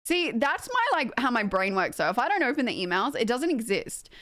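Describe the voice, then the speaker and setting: This is a young Australian woman streaming casually, spilling a rambling, self-mocking story full of little "likes" and quick laughs. Her voice sits a little on the high side. The sound is close and dry, with no room around it. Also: dry recording. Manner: animated, full of filler likes. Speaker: game streamer.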